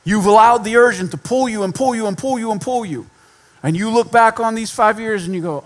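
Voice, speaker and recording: A man's voice: sits high, animated, brisk. A man preaching a sermon in a conversational style, with repetition and self-deprecating humor. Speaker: pastor.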